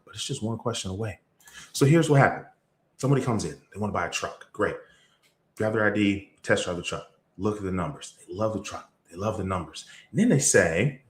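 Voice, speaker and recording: A man giving a motivational sales talk, telling a story with lively energy and sudden jumps in pitch. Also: roomy sound. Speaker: sales trainer. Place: event room or video call.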